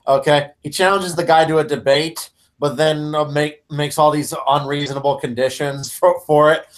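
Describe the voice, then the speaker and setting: A man's voice: on the high side, steady tone, normal speed. A man chatting casually as a guest on a livestream, making offhand, opinionated remarks. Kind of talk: casual chat.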